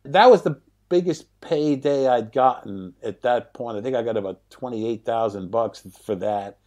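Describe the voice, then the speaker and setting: A man's voice: mid-range voice, moderate pace, darkish tone. A man in his sixties, a screenwriter and director, telling stories as an interview guest. He talks animatedly, laughs at his own stories and swears casually. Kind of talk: anecdotal interview storytelling.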